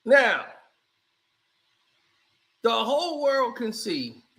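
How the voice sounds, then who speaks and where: A man doing casual, animated reaction commentary on a basketball clip, mocking and shouting as he reacts. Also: very high-pitched, drawn-out words. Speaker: sports commentary streamer.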